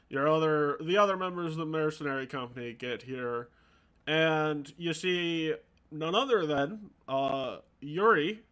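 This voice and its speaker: Bright-voiced game master, halting narration. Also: male voice, fairly high pitch, clean tone. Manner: halting narration with many fillers.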